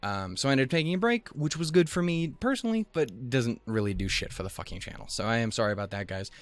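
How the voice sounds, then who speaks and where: A man's voice: mid-range voice, expressive, quick pace, dry recording. A young man hosting an anime reaction channel, rambling casually, swearing often and laughing at himself, a little out of breath. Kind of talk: casual chat.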